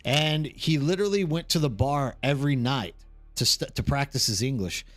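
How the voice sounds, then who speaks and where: A man's voice: mid-range voice, normal speed, fairly bright tone, faint music behind. A tired man from the Houston area, chatting casually as a livestream host and rambling with lots of "like" and "dude". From Texas, Houston area. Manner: rambling, chatty, says "like" and "dude" a lot, reads the chat aloud.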